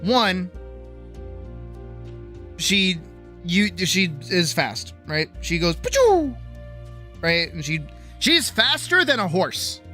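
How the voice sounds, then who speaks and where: A woman's voice: fairly low pitch, expressive, takes it slowly, long pauses, sharp tone, faint music behind. A woman streaming live, chatting animatedly about character writing, swearing freely and checking in with "right?". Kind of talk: casual livestream chat about character writing.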